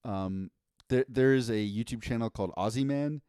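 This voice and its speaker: A man's voice: mid-range voice, moderate pace, mellow, smooth, no echo, studio quality. A man co-hosting a podcast in casual chat, giving opinions with eager restarts. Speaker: podcast co-host.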